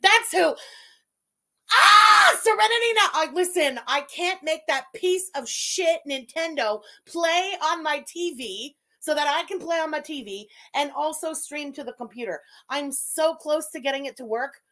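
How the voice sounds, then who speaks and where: High-pitched woman ranting on a livestream. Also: normal speed, hardly any pauses, fairly bright tone. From Quebec, Canada. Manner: exasperated, profane, venting. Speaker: livestream host. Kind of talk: casual livestream rant.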